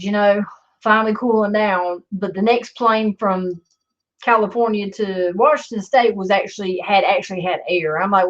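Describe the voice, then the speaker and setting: A woman's voice: medium pitch, steady tone, normal speed. A woman telling a story in a rambling, sarcastic way and swearing often, in a slightly dull lo-fi recording. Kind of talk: casual storytelling vlog.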